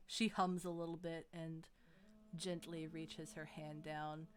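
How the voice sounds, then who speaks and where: A woman narrating a tabletop game as game master, unhurried, with frequent ums. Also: low voice, little pitch movement, smooth.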